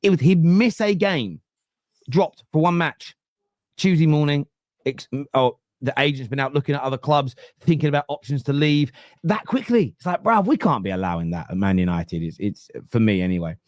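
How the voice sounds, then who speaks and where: A man in his thirties from East London, with a London accent, telling animated stories and swearing freely on a casual football podcast. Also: a little high, moderate pace, dry recording, clean studio sound. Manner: animated storyteller, swears freely, acts out quotes. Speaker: podcast host.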